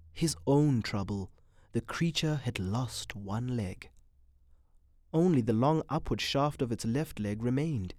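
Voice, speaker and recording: A narrator reading literary fiction aloud in a measured, expressive way. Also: medium pitch, dry recording, clean studio sound.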